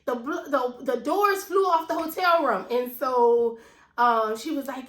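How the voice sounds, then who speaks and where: A woman's voice: high voice, unhurried, fairly bright tone. A woman in her thirties with a New Orleans accent, telling a personal story to her viewers in an emotional, conversational way. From New Orleans, USA. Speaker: finance vlogger. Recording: echoey room.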